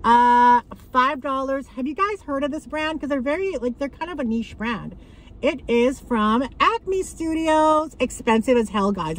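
A woman from Canada, talking casually and bluntly to her viewers on a handheld phone, swearing freely and swinging between excitement and annoyance. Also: on the high side, low-quality recording. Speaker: vlogger. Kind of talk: casual vlog chat. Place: car and grocery store.

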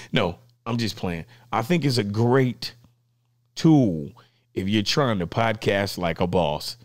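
A man hosting his own vlog, talking casually and playfully with lots of slang while excitedly unboxing new gear. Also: lowish voice, slow.

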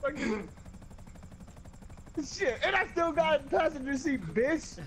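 A young man playing a game with friends, excitable and profane, shrieking and laughing as things go wrong. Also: very high-pitched, takes it slowly. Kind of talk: casual gaming banter with friends.

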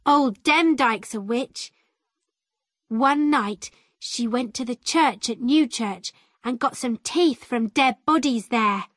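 Rich: A proud, boastful village boy who talks bluntly about dark deeds, read by a woman. The voice sits a little high and husky, and the delivery is very slow and deliberate. The recording is close and dry. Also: no echo.

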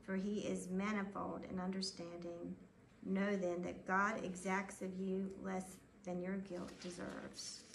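Gravelly woman reading scripture aloud. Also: mid-range voice, level tone, measured pace, slight background noise. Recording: echoey room, distant mic.

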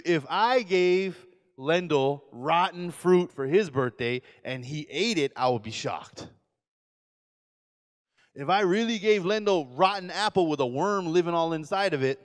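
There's a long reverb tail on this recording of a pastor in his forties, whose voice sits high. He preaches a lively sermon lecture, performing quoted voices and challenging the audience with questions.

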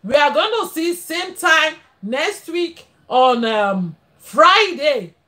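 High, lively Nigerian woman streamer. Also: slow pace. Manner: chatty, laughs often, switches into pidgin. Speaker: livestream host. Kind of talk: casual live-stream chat.

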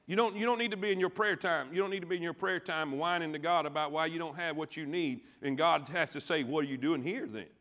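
A man preaching a sermon as pastor, calling on the congregation to answer back and swinging from quiet, low lines to loud ones. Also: quick pace, few pauses. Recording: church sanctuary.

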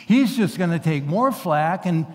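Male pastor, high voice, emphatic sermon delivery, stumbles and restarts, long church reverb. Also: animated, a little slow. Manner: earnest, emphatic preaching with frequent restarts. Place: large church sanctuary.

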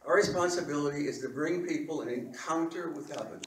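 A man preaching a sermon as a pastor, telling stories in an animated way, often repeating his words and laughing. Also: a little high, fairly quick. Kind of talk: sermon with storytelling. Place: church. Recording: echoey church hall, distant mic.

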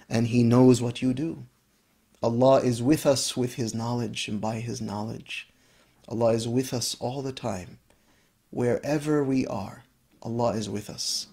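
A man, an Islamic scholar, giving a reflective religious lesson. He recites Arabic verses briskly, then explains them slowly and emphatically, sometimes dropping to a hushed voice. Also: medium pitch, vocal fry. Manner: expressive, shifts between brisk Arabic recitation and slow, emphatic English; drops to a soft, hushed voice at key points.

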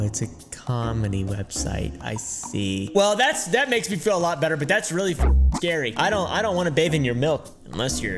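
A young man in his twenties riffing through casual reaction commentary, his pitch swinging up and down in a lively way. He is excitable and swears freely. Music plays clearly behind him. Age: 20s. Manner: excitable, swears often, loud exclamations. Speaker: YouTuber.

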